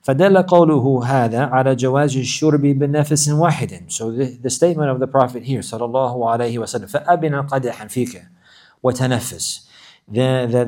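Guy teaching a religious class, talks fast, repeats himself a lot, rattles off arabic quotes then translates. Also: medium pitch, darkish tone. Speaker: Islamic teacher. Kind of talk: religious lesson explaining hadith.

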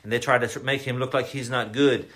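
An Islamic lecturer delivers a religious talk, emphatic and repetitive, frequently posing questions to his listeners. His medium-pitched voice is fairly bright and fast, with fairly even intonation.

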